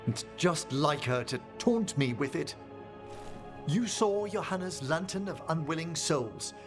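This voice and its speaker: An actor playing a refined, courteous older scholar of death magic in video game dialogue, speaking in a formal, measured and wistful way. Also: male voice, fairly high pitch, animated, over music.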